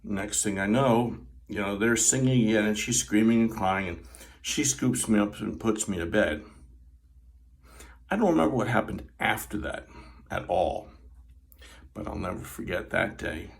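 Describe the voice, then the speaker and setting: Older guy in his 60s, deep-ish and kinda fried, really acting out his story. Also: moderate pace, gravelly, pauses often. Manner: vivid, animated retelling with sound effects. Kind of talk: personal storytelling.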